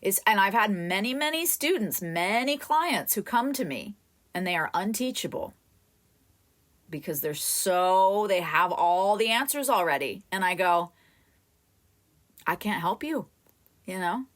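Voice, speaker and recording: A woman acting coach leading a live coaching session, talking straight to a student in an animated way. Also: mid-range voice, unhurried. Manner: animated, talks directly to a student.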